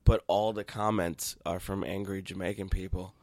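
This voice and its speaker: A man's voice: low-pitched, steady tone, moderate pace, a little mellow, no echo, clean studio sound. A stand-up comedian from Queens, chatting casually as a guest, laughing often and swearing freely. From Queens, New York. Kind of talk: casual chat.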